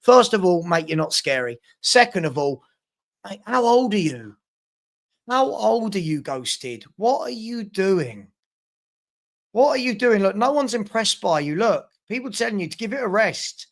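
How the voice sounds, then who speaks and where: London male streamer, high-ish and gravelly, blunt and repetitive, casual live football chat. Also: sing-song, moderate pace. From South London. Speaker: live show host.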